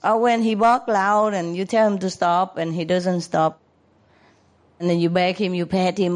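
A woman with a slightly low voice talks casually in broken English. She laughs often as she speaks and keeps checking with tag questions. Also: moderate pace, darkish tone. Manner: laughs often while talking; broken non-native English grammar. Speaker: dog owner. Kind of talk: casual chat.

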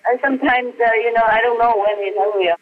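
A woman's voice: fairly high pitch, fairly even intonation, quick pace, phone-quality sound. An older woman, a spiritual teacher, chatting playfully in a casual storytelling way, often laughing and repeating her words over a video call. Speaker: spiritual teacher answering questions.

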